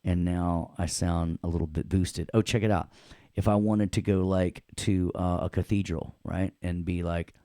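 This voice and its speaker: Playful low-voiced male audio teacher. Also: fairly even intonation, moderate pace, warm tone, smooth, dry recording. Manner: playful, joking, repeats "check it out". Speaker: audio production instructor. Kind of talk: live software demo lecture.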